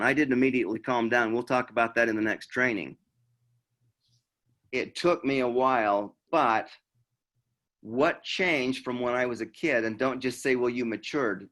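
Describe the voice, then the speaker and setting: A man's voice: mid-range voice, fairly bright tone. A middle-aged man from Utah, a law enforcement trainer telling a story in a conversational training talk and acting out the dialogue.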